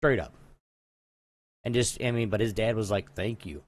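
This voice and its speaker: A man's voice: lowish voice, fairly even intonation, moderate pace. A man co-hosting a podcast, telling a long story in casual chat, rambling with lots of asides. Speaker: podcast co-host.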